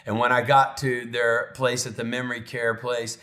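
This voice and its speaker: A middle-aged man preaching as a pastor, telling a personal story with animated, emotional delivery that sinks to soft, tender tones. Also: mid-range voice, normal speed. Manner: emotional, animated storytelling, drops to near whisper when tender. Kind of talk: sermon storytelling.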